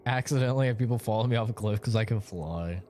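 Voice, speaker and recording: A man's voice: lowish voice, quick pace, darkish tone, slight background noise. A man streaming a game who chats casually, rambling and swearing often. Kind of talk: casual chat while gaming.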